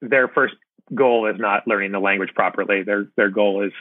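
A man hosting a conversational interview, speaking casually and agreeably, animated when he tells a story. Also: lowish voice, normal speed, dry recording. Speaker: podcast host. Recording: phone-like remote call audio.

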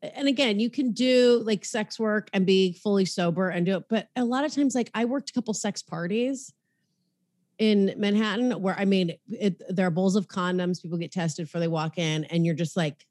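A woman's voice: medium pitch, normal speed, darkish tone, no room sound. Young woman comedian hosting, frank and crude, dry close sound. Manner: frank, crude, quoting others in put-on voices. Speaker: comedian podcast host. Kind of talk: casual podcast chat.

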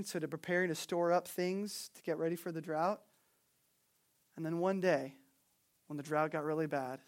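A man retelling a story as a casual, animated sermon, full of slang, quick asides and repeated words. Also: sits high.

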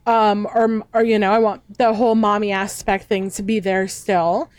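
A woman's voice: mid-range voice, level tone, moderate pace, no room sound. A woman guest, a VTuber, chatting casually and rambling with fillers and restarts. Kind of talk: casual chat.

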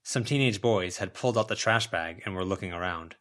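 A man narrating a fan-made audiobook of a web serial in an even, measured way. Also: low voice. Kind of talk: audiobook reading.

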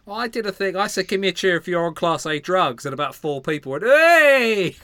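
A man, a comedian co-hosting a podcast, chipping in with quick reactive banter. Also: high voice, pushed and bright, no room sound. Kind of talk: casual chat.

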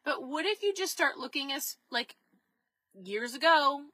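Bright, chatty woman vlogger. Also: on the high side, expressive, measured pace, no room sound, rough recording. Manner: chatty and upbeat, asks the viewers questions. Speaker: keto lifestyle vlogger. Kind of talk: casual direct-to-camera talk.

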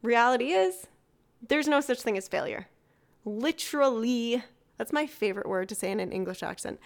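A woman's voice: fairly high pitch, lively intonation, normal speed. A woman hosting a motivational solo podcast, talking casually, laughing easily and swearing now and then. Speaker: podcast host.

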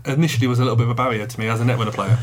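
A man's voice: medium pitch, steady tone, rapid-fire, over a noisy crowd. A man co-hosting a casual board game podcast, explaining things carefully with some hesitant fillers. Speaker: podcast co-host.

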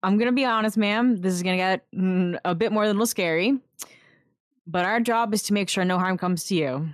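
A woman's voice: mid-range voice, brisk, dry recording, studio quality. A woman playing a tabletop game, speaking frankly and earnestly. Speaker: player. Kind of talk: tabletop role-play.

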